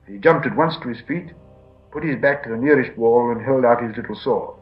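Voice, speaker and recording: A man's voice: mid-range voice, a little fast, dull audio, soft background music. A man narrating a storybook expressively, performing the character voices himself. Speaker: audiobook narrator.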